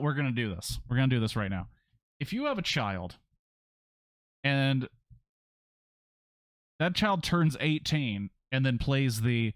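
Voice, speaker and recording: A man's voice: medium pitch, lively intonation, a little slow, pauses often, no room sound. A man streaming a story game, reading its text aloud in a casual way with sarcastic asides and free swearing. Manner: sarcastic, swears freely, breaks into rants.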